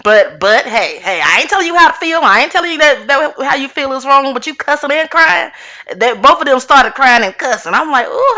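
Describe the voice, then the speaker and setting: A woman chatting through a reality TV recap in a sassy, animated way, talking straight to her viewers. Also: mid-range voice.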